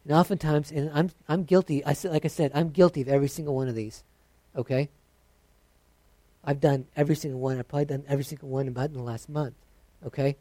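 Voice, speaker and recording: A preacher delivers a sermon in a relaxed, conversational way, poking fun at their own habits. The voice sits mid-range and sounds close and dry, with no room echo. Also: medium pitch, fast talker. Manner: conversational, self-deprecating, mimics prayers.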